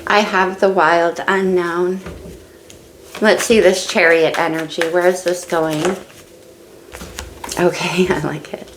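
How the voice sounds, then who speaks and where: A woman's voice: lowish voice, little pitch movement, slow, pauses often, roomy sound, background noise. A woman doing a casual tarot reading, musing and thinking aloud as she turns each card. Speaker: tarot reader.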